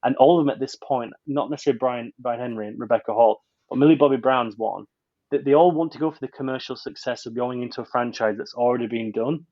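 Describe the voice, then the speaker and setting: A man's voice: medium pitch, fairly even intonation, fast, muffled recording. A man reviewing a film on a podcast in casual chat, rambling with many restarts.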